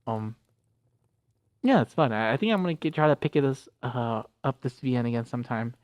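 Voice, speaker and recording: A man's voice: medium pitch, expressive, quick pace, no echo, muffled recording. A man casually reading a visual novel aloud and chatting about it, rambling with many fillers. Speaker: visual novel reader and streamer. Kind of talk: casual game read-through commentary.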